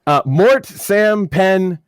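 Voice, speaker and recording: A man with a slightly high voice reads out mock award nominees in a deadpan, casual tone, often with filler sounds. The sound is dry and close, with no room echo. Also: very slow, clear, resonant tone. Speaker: podcast co-host. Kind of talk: reading out a mock award show.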